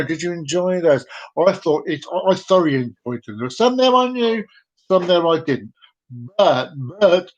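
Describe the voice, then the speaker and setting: A man's voice: a little high, animated, normal speed. A man hosting a casual live-stream vlog, reading out fun facts in a rambling, jokey way and repeating himself. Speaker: vlog host.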